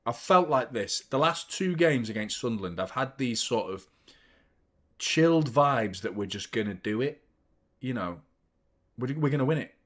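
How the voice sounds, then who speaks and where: A man's voice: medium pitch, animated, normal speed, fairly bright tone. A young man hosting a live football watchalong, chatting casually with viewers and swearing freely between bursts of match commentary. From United Kingdom. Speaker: football fan channel host.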